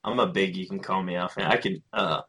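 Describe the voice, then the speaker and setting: A man co-hosting a podcast in casual chat, laid-back and quick to laugh. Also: sits low, fairly even intonation, pushed and bright, husky. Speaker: podcast co-host. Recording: home room, dogs and dripping audible.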